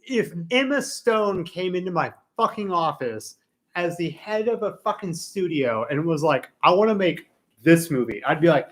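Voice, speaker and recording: A young man co-hosting a casual film podcast, talking fast and excitably with lots of swearing. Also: high voice. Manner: excitable, heavy swearing, animated rants. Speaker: podcast co-host.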